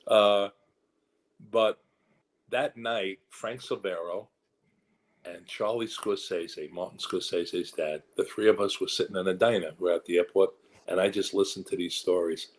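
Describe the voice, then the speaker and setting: A man, an actor being interviewed, telling animated stories about his career. He rambles with restarts and asides and slips into voices to quote people. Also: sits low, unhurried. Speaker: actor and guest.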